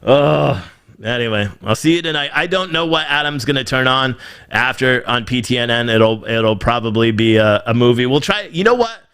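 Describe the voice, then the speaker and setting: An irritated man ranting on his own live show, his voice sitting at an ordinary middle pitch. He talks casually and with exasperation and swears freely as he gets worked up. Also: expressive, moderate pace, a bit bright, smooth. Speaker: livestream show host. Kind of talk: casual ranting livestream talk.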